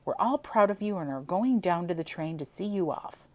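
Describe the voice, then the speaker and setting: A woman's voice: fairly low pitch, expressive, moderate pace, close to an everyday voice. A woman reading aloud, giving voice to a sassy nineteen-year-old girl who teases in a cool, mock-innocent way. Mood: teasing.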